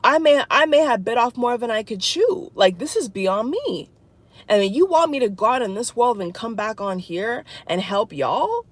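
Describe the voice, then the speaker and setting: A woman talking to her viewers in an emotional spiritual vlog, distraught and tearful, halting and repeating herself. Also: on the high side, lively intonation, no room sound. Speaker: vlogger.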